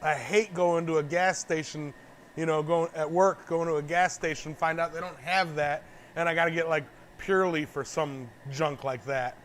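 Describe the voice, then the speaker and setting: A man's voice: on the high side, fairly even intonation, normal speed, a bit bright, a little hiss or hum. A blacksmith streaming live, chatting casually as he works, rambling and easygoing with frequent chuckles. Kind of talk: casual live-stream chat while working. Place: metal forge workshop.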